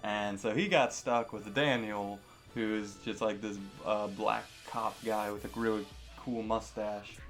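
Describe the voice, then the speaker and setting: A man's voice: on the low side, fairly even intonation, measured pace, a bit bright, soft background music. Rambling young man answering viewer questions. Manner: rambling, filler-heavy, self-deprecating. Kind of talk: casual Q&A vlog.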